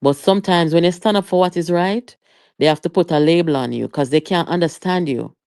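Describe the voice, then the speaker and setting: A woman's voice: on the low side, brisk, darkish tone, no room sound, clean studio sound. A Jamaican woman hosting a live political commentary stream, chatty and emphatic, with rhetorical questions and patois asides.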